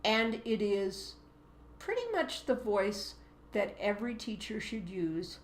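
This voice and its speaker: A woman's voice: medium pitch, animated, takes it slowly, echoey room, a little hiss or hum. A woman teacher co-hosting a casual chat, explaining ideas at length and acting out voices as examples. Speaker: teacher and co-host. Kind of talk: casual two-person chat.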